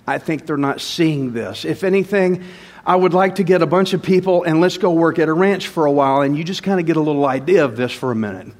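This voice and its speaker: A man with a high-pitched voice delivers a sermon. He leans hard on phrases he wants to land, then sinks into quiet, low asides. He often slows right down to repeat a line. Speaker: pastor.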